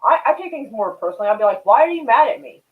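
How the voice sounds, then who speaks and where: Blunt, fast-talking streamer on a tinny line. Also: male voice, extremely high pitch, very animated. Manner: blunt, profane, quick banter. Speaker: streamer host. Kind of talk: casual chat. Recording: tinny phone-like sound.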